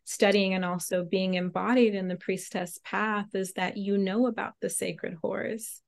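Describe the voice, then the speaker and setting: A woman's voice: medium pitch, steady tone, unhurried, creaky. A woman guest, a priestess, explaining spiritual history in a fervent, preaching cadence.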